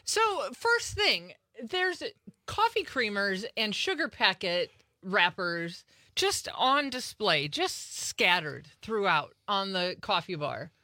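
Radio co-host lady, bright and super animated, teasing and bossing her partner, dry studio sound. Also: medium pitch, takes it slowly, no echo. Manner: teasing, playfully scolding. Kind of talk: morning radio banter. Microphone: studio microphone.

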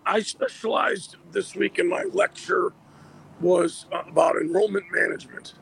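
A hoarse man, an athletic director, calling in by phone to a radio show from outdoors. He chats casually and often restarts his sentences. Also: sits high, sing-song, unhurried, fairly bright tone. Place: outdoors by a busy street.

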